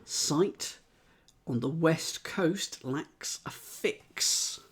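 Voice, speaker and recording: Male streamer, unhurried delivery, puzzles things out aloud, working through options one by one. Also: fairly high pitch, slightly rough. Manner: muses aloud, methodically tries out letters and words. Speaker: streamer solving crosswords. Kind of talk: thinking aloud, chatting with live chat.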